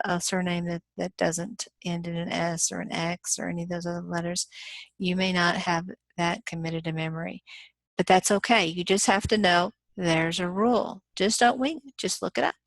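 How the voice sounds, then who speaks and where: Dry, lowish woman teaching a lecture. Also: fairly even intonation, moderate pace, no room sound, rough recording. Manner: plain explanatory, with frequent ums and self-corrections. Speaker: instructor. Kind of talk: recorded classroom lecture.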